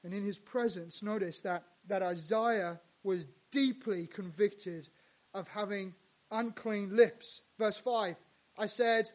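A male pastor preaching a sermon, dropping to hushed lines and rising to loud, emphatic ones. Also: sits high, measured pace.

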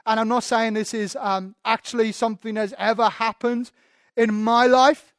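A man's voice: sits high, level tone, normal speed, no room sound, studio quality. A man preaching a sermon as pastor, candid and self-deprecating, often restarting his sentences.

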